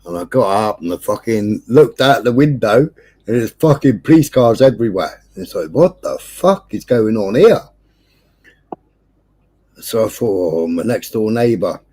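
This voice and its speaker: Swearing all the way through, a livestream host from England recounts a long story in casual chat and animatedly impersonates the people in it. He has a lowish voice at a normal speed.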